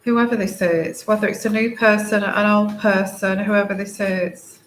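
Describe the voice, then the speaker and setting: A woman giving a tarot reading to camera, tearful and crying, talking haltingly with many fillers and restarts. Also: mid-range voice, fairly even intonation. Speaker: tarot reader. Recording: echoey room, faint background noise.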